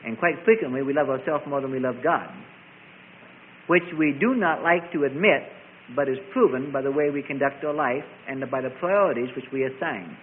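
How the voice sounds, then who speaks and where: A man's voice: mid-range voice, brisk, a little hiss or hum. A man preaching a sermon, driving his points home by repeating and contrasting phrases. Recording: tinny phone-like sermon recording.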